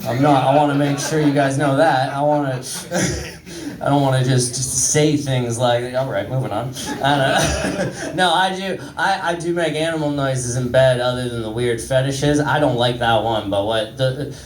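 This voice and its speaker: On a comedy club stage, a man in his thirties does a crude, rambling stand-up set full of self-mockery aimed at the audience. His voice is medium-pitched at a normal pace, captured from a distance in an echoing room.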